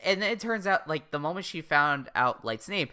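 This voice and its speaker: Woman, casual podcast co-host, sarcastic, swears a lot, lowish bright voice. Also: lively intonation, moderate pace. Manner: sarcastic, swears freely, laughs often. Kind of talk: casual chat.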